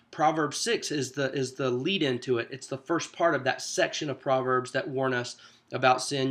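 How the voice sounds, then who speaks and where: A man giving a conversational teacher training lesson, animated and full of rhetorical questions. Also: medium pitch. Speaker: small group teaching coach. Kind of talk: teacher training talk to camera.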